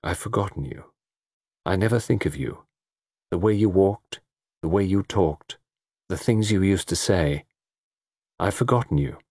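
A man voicing a woman cabaret singer with a deep, hoarse voice, reciting her song mournfully. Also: animated, measured pace, long pauses, a little mellow, no echo, clean studio sound, exaggerated voice.

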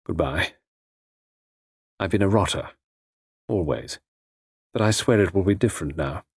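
A man's voice: sits low, animated, unhurried, breathy edge, no echo, studio quality, exaggerated voice. A man playing an intense young man, once a gigolo, who pleads earnestly and with passion.

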